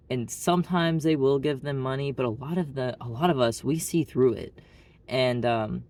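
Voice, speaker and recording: A man from Arkansas with an Arkansas accent, telling a story in a blunt, rambling casual monologue full of "like". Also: medium pitch. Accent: Southern US, Arkansas. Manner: blunt, rambling, heavy use of "like". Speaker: vlogger.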